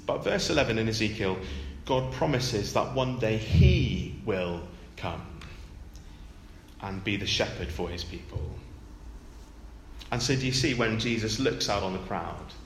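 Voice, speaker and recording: A man's voice: lowish voice, animated, a little slow, reverberant, long reverb tail, a little hiss or hum. A man preaching a sermon in a conversational way, with rhetorical tag questions and emphatic repetition.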